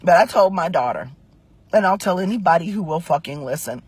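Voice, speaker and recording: A woman's voice: lowish voice, lively intonation, brisk, darkish tone, slightly rough, no room sound. A woman in her forties telling a story in a blunt, profane, emphatic monologue to camera. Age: 40s.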